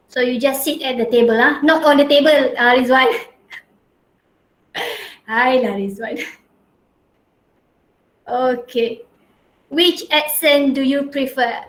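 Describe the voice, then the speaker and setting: A high-pitched young woman teaching an online class through a headset, chatty and teasing, often tagging her sentences with "huh?". Her voice rings in an echoey room at home. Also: a bit bright. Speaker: lecturer. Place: home in a rural area.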